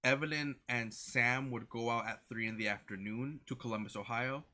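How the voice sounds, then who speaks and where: A man's voice: medium pitch, fairly even intonation, moderate pace, sharp tone. A man co-hosting a casual chat, laying out plans step by step and repeating himself as he goes. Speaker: co-host of a reaction channel.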